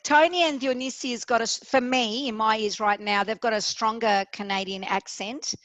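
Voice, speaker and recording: A woman's voice: on the high side, fairly even intonation, normal speed, fairly bright tone, no room sound. A woman with an Australian accent hosting an interview, full of eager praise for her guests. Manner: enthusiastic, gushing praise. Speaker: show host.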